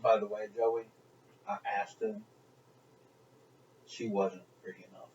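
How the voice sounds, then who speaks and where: A man's voice: lowish voice, flat delivery, measured pace, darkish tone, reverberant, recorded from a distance, lo-fi sound, a little hiss or hum. A man on a podcast teasing and interjecting during a casual chat. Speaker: podcast co-host.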